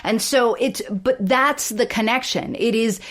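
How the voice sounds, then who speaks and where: A woman co-hosting a podcast in casual chat about sitcoms, animated and acting out quoted lines. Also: fairly high pitch, unhurried. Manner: animated, acts out quoted lines in big voices. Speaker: podcast co-host.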